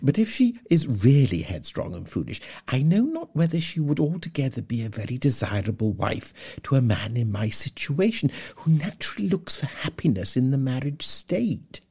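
A woman's voice: a bass voice, sing-song, normal speed, mellow, breathy edge, pitched above the performer's own voice, exaggerated voice. Woman voicing pompous clergyman, prim, formal, fussy. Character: pompous self-important male clergyman.

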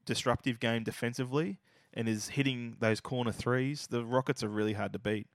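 An Australian man co-hosting a casual basketball podcast. He swears freely and argues his picks with animated energy. His voice sits in a mid register, recorded close and dry. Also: mid-range voice, a little fast, dry recording. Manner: profane, animated, opinionated. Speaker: podcast co-host.

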